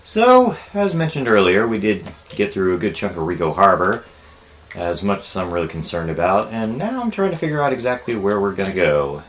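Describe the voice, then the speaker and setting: Young male let's-player, low deep voice, rambling casual commentary with sudden loud reactions. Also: very animated, a little fast, slight background noise. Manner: rambling, jokey, loud outbursts at the game. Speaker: let's play host.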